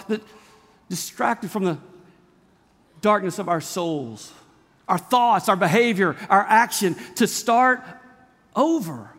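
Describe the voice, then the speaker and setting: Man, pastor, sermon, high voice, emphatic repetition, reverberant church hall. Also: expressive, slow, long pauses, a bit bright. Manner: emphatic preaching with repetition and rhetorical questions. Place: church sanctuary.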